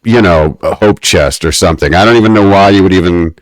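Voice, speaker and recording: Recapping an episode with dry, faux-academic wit, this man co-hosts a laid-back podcast. His deep voice moves briskly, and there's no room sound.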